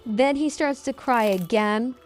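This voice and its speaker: Blunt, fairly high-voiced woman vlogging. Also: measured pace. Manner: blunt, blow-by-blow storytelling. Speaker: streamer telling her side of a dispute. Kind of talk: casual vlog monologue.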